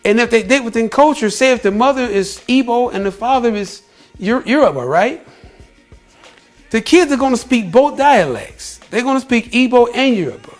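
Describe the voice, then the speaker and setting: A man from the United States speaks in an emphatic, conversational vlog style, circling back over his points and addressing the listener as "bro". His voice sits fairly high for a man. Quiet music plays faintly in the background. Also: lively intonation, moderate pace. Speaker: vlogger. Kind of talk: casual opinion talk to camera.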